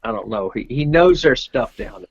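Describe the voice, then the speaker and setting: Husky man telling a story. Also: medium pitch, normal speed, no echo, dull audio. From Georgia, USA. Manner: rambling, animated anecdote telling. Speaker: guest, pro pool player. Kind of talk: casual storytelling interview.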